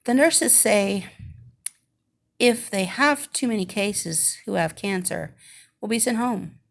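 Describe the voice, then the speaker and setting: A wry, joking woman stuck in a hospital room, teasing her friends through coughs. She speaks at a medium pitch with a gravelly texture, as a woman reads her in a storybook. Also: slow pace.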